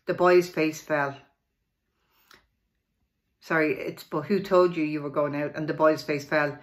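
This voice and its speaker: A woman's voice: sits low, normal speed, pauses often. Woman reading a memoir aloud. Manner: plain steady reading with small slips and restarts. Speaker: reader of a local history memoir.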